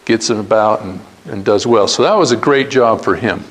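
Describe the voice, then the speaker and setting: A man's voice: lowish voice, moderate pace, poor audio. A middle-aged man, telling his career story as a guest speaker to students and acting out quoted dialogue. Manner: earnest anecdotal storytelling, acts out quoted dialogue.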